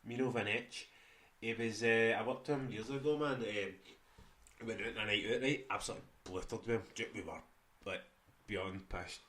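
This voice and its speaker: A man with a Glaswegian accent, co-hosting a casual football chat, sweary and animated, laughing often. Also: lowish voice, echoey room. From Scotland. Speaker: podcast co-host.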